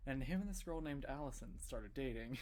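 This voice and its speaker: A man's voice: medium pitch, lively intonation, moderate pace, darkish tone. A young man co-hosting a casual podcast, telling stories in a laid-back way and giggling often. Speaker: podcast co-host.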